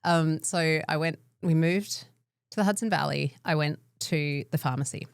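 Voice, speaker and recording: Australian woman, low pitch, dry room, wry anecdotes, casual podcast chat. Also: moderate pace, creaky, clear, resonant tone, no room sound. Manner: wry, self-deprecating storytelling. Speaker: podcast co-host.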